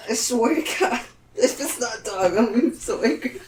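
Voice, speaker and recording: A woman's voice: a little high, expressive, normal speed, a little mellow, far from the mic. A woman co-hosting a podcast, chatting casually with blunt, swearing reactions. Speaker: podcast co-host. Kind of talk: casual chat. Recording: echoey room, off-mic, faint hum.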